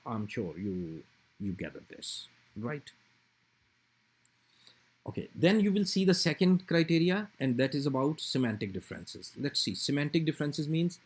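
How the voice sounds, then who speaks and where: A man's voice: a little high, slightly rough. A man lecturing on grammar for a recorded lecture, explaining patiently with fillers and repeated examples.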